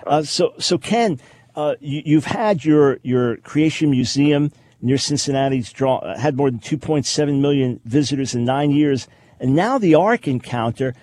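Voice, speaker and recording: Male radio talk host, energetic and emphatic, dry studio sound. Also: on the high side, normal speed, no room sound. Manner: energetic, emphatic, with frequent restarts. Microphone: studio microphone.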